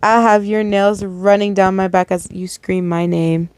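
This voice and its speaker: A woman's voice: medium pitch, fairly even intonation, unhurried, darkish tone, slight background noise, lightly acted. A woman reading as an obsessive male doctor. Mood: cold.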